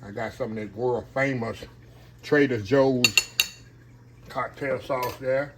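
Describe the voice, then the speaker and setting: Speaking slowly in a steady, medium-pitched voice, this home cooking channel host fries shrimp and chats with his viewers. His manner is folksy, full of "y'all" and chuckles at his own jokes, as he gives a laid-back demonstration. The recording clearly picks up sizzling oil and kitchen sounds.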